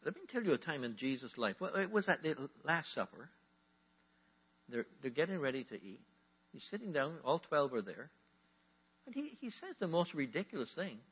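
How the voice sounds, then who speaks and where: A man preaching a sermon as a pastor, emphatic, drawing out key words and rising into animated bursts. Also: on the high side, moderate pace, breathy edge. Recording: dull lo-fi recording.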